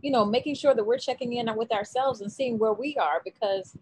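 A woman's voice: a little high, a little fast, a little mellow, husky, no echo, rough recording. A woman hosting a panel discussion, casual and reflective.

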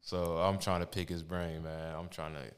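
A man's voice: deep voice, flat delivery, moderate pace, a little hiss or hum. A man co-hosting a podcast, chatting in a laid-back, slangy way. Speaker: podcast co-host. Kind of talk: casual podcast chat.

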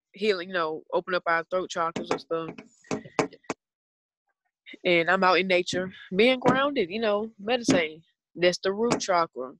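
A woman's voice: lowish voice, noisy background. A woman in her twenties with a Southern US accent, chatting casually and earnestly on a podcast in a rambling way. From Southern United States. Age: 20s. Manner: rambling, earnest, talks about spirituality.

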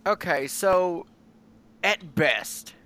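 A man with a high voice tells an improvised comic story on a podcast. He rambles and restarts, building the absurdity as he goes. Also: lively intonation, extremely slow, sharp tone.

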